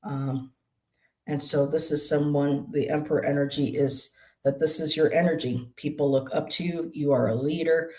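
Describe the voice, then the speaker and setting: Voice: mid-range voice, steady tone, moderate pace, mellow. A tarot reader on a live stream who explains each card in a musing, hesitant way, with many ums and restarts. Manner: explains card meanings aloud.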